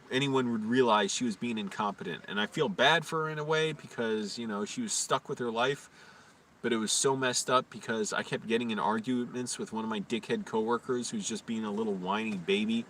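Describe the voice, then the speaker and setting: A man's voice: mid-range voice, fairly bright tone. A man telling stories on a casual live stream in a profane, ranting, indignant way. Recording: distant mic with faint background noise.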